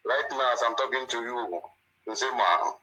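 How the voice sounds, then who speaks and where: A man's voice: medium pitch, normal speed, pushed and bright, slight background noise, rough recording. A man calling in to a talk show, speaking indignantly and emphatically, repeating himself. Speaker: caller. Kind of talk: phone-in call.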